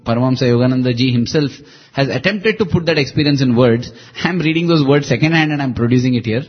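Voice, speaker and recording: Devotional storyteller, man, slightly high husky voice, muffled lo-fi recording. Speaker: devotional speaker.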